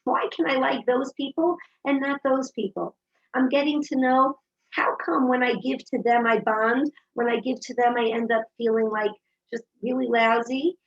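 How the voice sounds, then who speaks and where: A woman's voice: on the high side, moderate pace. A woman giving an inspirational talk, telling personal stories and acting out the dialogue in them. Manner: animated storyteller acting out dialogue. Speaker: speaker giving a Torah talk. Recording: dull lo-fi recording.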